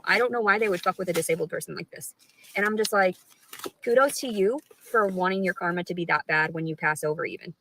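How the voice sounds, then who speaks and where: A woman's voice: medium pitch, fairly bright tone, low-quality recording. A woman talking straight to her live stream audience, rambling and swearing a lot, with an aggrieved tone. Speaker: livestreamer.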